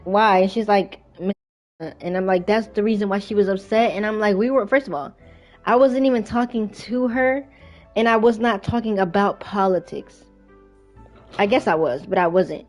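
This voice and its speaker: A woman's voice: mid-range voice, darkish tone. A young woman vlogger casually telling a rambling story from her workday, full of fillers and restarts. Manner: chatty, rambling, frequent fillers. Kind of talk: casual storytime while playing a game.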